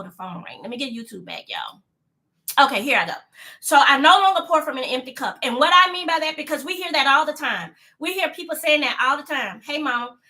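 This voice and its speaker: A woman in her fifties with a high, bright, sharp voice talks casually to a live audience. She repeats her points for emphasis, drags out the lines she wants to land, and breaks off to greet viewers by name. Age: 50s. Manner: slows down to stress key lines. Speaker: vlogger on a live stream.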